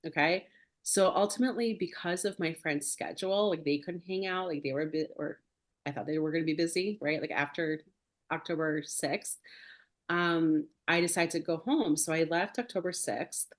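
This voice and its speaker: A woman's voice: low-pitched, moderate pace. A woman hosting a podcast, telling a personal story in a casual, chatty way full of filler words. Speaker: podcast host.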